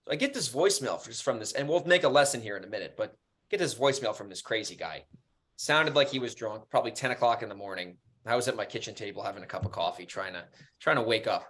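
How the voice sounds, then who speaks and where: A man co-hosting a podcast, telling stories in an animated, casual way and swearing freely. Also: on the low side, fast talker. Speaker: podcast co-host.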